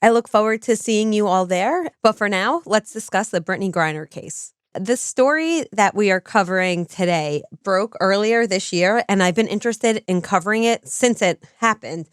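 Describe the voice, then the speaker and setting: A woman's voice: mid-range voice, animated, moderate pace, few pauses, clean tone, no echo, studio quality. A woman co-hosting a podcast, speaking in an organized, explanatory way. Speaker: podcast co-host and lecturer. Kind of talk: casual podcast chat.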